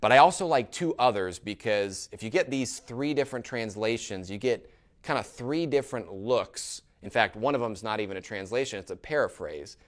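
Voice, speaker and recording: Animated man preaching a sermon. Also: lowish voice, clean tone. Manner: animated, asks the congregation questions, often adds "right?". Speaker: pastor. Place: church.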